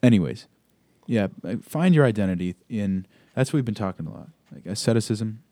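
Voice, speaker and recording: A man's voice: fairly low pitch, lively intonation, brisk, mellow, dry recording. A young man co-hosting a podcast, talking in a reflective, rambling way with fillers. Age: young adult. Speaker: podcast co-host. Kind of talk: casual chat.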